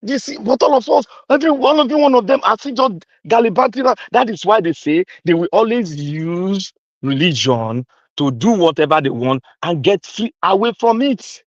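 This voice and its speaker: Nigerian guy going off on a political rant, kinda high voice, dry muffled sound. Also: lively intonation, moderate pace, no room sound. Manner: fiery, accusatory, repetitive. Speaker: commentator.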